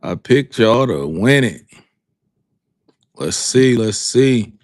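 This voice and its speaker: A man hosting a live sports talk stream, calling out to his viewers and repeating himself in a drawn-out way. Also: mid-range voice, expressive, no room sound, studio quality. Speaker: sports talk show host. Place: home studio with a green background.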